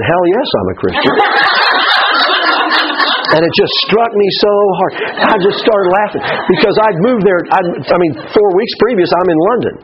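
Lively man teaching a Bible class. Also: high-pitched. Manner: animated, laughing asides, stammering restarts. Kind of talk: Bible study lecture. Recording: dull lo-fi recording with faint hiss.

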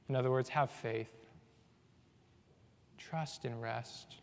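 A man preaching a sermon, earnest, moving between hushed low passages and loud emphatic ones. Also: fairly even intonation, slow pace, creaky, long pauses. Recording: long reverb of a large hall.

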